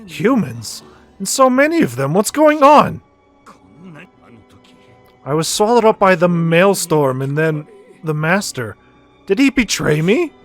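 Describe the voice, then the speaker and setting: A man voicing a wounded, furious male demon clown, reading game dialogue aloud in a deep, grave, theatrical way. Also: very animated, unhurried, long pauses, faint music behind. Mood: bewildered.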